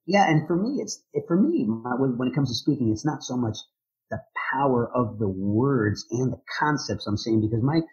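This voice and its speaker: An energetic man with a husky voice talks eagerly as a guest on a podcast. His pitch sits in the middle range, and the recording sounds dull and lo-fi. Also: normal speed. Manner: energetic, enthusiastic talker. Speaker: guest, drummer and motivational speaker. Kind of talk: conversational interview answers.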